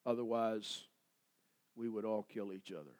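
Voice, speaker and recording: A male pastor with a fairly low voice preaches at a measured pace, swinging between loud declarations and quiet asides.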